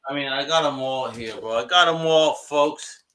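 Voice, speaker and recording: A man co-hosting a live show, chatting excitably in slang while selling comic books. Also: mid-range voice, normal speed, echoey room, crowd noise. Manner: excitable, slangy, says "bro" and "yo". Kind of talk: casual live show chat.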